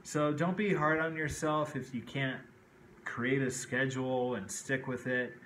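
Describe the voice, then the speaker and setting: A man talking casually to his viewers at a middle pitch, rambling from one thought to the next. The room sounds echoey, with a faint hum of ambience behind him. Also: flat delivery, a little slow, a bit bright. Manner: rambling, frequent "okay" and "kinda like". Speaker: vlogger. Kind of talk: casual personal talk to camera. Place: indoors at home.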